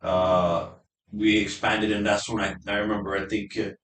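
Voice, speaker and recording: A middle-aged man with a low voice hosts a relaxed conversation. He speaks haltingly, often repeats words, and laughs easily. He sits away from the mic in an echoey room with faint background noise. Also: distant mic. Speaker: podcast host and gym owner. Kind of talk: casual conversation.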